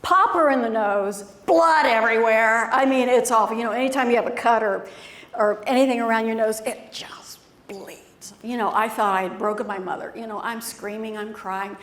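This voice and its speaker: Animated woman giving a keynote in an echoey room. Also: on the high side, moderate pace. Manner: conversational, animated storytelling with acted quotes. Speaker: keynote speaker. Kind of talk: storytelling keynote speech.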